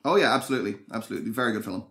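Low-voiced man in casual podcast chat. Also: expressive, rapid-fire, pushed and bright. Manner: thoughtful, hesitant with many restarts. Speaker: podcast co-host.

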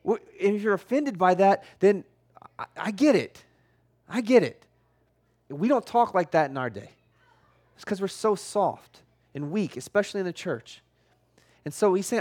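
A man preaching with a voice pitched a little higher than most men's. His talk is loose and conversational, full of "like", and he pushes his points bluntly with growing force. He sounds like a pastor talking straight to his congregation. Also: expressive, moderate pace. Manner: conversational and emphatic, heavy use of "like". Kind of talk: sermon.

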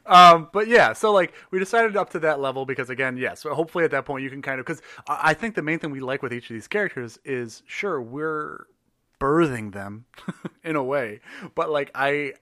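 A man's voice: on the high side, expressive, brisk, sharp tone, dry recording, clean studio sound. A man co-hosting a podcast, chatting casually with many fillers and frequent laughs. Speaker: podcast co-host. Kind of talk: casual chat.

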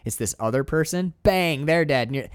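A man's voice: a little high, animated, brisk, smooth, no echo, clean studio sound. A man co-hosting a podcast, talking about films in an enthusiastic, rambling way with many restarts and casual swearing. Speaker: podcast co-host. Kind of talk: casual film discussion.

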